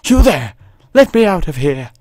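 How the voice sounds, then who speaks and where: A desperate chained woman with a British accent, as a man puts her on, her voice lifted high and pleading for release. The delivery is theatrical and dry, recorded close with no room around it. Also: very animated, moderate pace, darkish tone, dry recording. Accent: British, put on.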